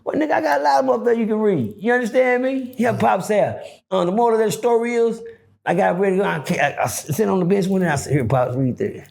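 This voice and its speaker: Middle-aged guy with a gravelly high-ish voice, telling a story, pitch jumping all over. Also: quick pace, darkish tone. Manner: acts out voices, swings pitch widely, swears freely. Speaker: guest telling prison stories. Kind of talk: animated storytelling.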